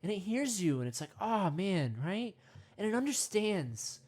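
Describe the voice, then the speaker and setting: A man leading a parody guided meditation, rambling with constant "you know" and "right?", sometimes dropping to hushed whispers. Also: high voice, very animated, moderate pace. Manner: drops to hushed whispers at times.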